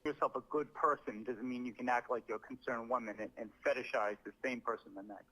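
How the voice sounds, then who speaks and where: Guy reading his apology off a script, bright tone, overstresses words like hes acting. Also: medium pitch, steady tone, poor audio. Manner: deliberate, stresses words as if acting. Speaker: comedian making an apology video.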